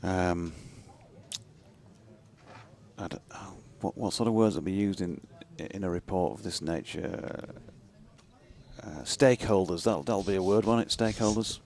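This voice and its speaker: A man's voice: deep voice, unhurried, vocal fry, long pauses, a little mellow. A man in a radio cricket commentary box, bantering in a dry, wry way.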